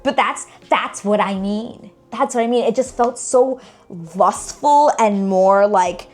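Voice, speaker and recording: A woman's voice: medium pitch, slow, soft background music. Exasperated young woman reviewing a TV episode. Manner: animated and exasperated, heavy use of "like" and "girl". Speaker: TV reaction vlogger. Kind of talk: casual reaction commentary.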